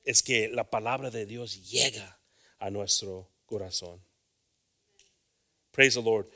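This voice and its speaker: Sharp-voiced preacher switching languages. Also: lowish voice, measured pace. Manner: swings from hushed asides to loud calls, repeating phrases. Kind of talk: bilingual sermon.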